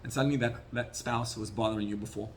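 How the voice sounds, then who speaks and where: A man, a rabbi, giving a Torah class sermon, teaching in an animated way with Hebrew and Yiddish terms. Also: mid-range voice, fast talker, slight background noise.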